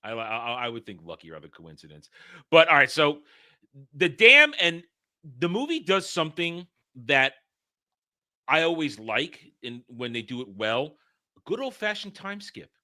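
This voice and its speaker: A man's voice: a little high, very animated, unhurried, bright, forceful tone. A man hosting a casual film discussion, rambling and stumbling over words as he laughs along. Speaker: podcast host.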